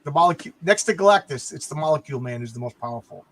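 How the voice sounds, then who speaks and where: Man, higher pitch, casual comic book chat, rambling, repeats words. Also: lively intonation, racing, fairly bright tone. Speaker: podcast co-host.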